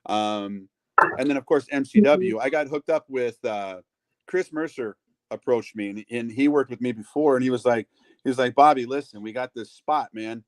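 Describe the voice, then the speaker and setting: A man's voice: mid-range voice, moderate pace, a little mellow, no echo. Chatty middle-aged man telling stories. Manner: chatty, acts out quoted voices, lots of fillers. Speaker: wrestling ring announcer, guest. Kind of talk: casual storytelling interview.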